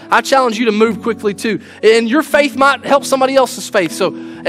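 A man's voice: very high-pitched, brisk, over music. A man preaching a sermon in an earnest, folksy way, restarting his words as he goes. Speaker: pastor. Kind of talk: sermon with closing prayer.

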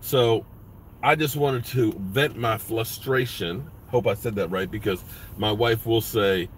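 A man's voice: lowish voice, measured pace, a little hiss or hum. A man hosting a sports vlog, ranting bluntly with lots of profanity. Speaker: sports vlogger.

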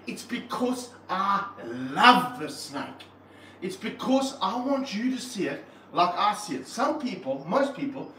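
A man's voice: sits high, reverberant, far from the mic, slight background noise. A man presenting wildlife on a livestream, talking earnestly and passionately about animals while handling snakes. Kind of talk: casual livestream talk.

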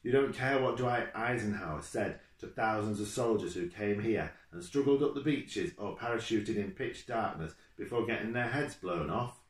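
Man doing a gruff coach driver. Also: lowish voice, moderate pace, hardly any pauses, voice pushed up, close to an everyday voice. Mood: harsh. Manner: blunt, harsh and curt. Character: gruff harsh male coach driver, middle-aged. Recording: echoey room.

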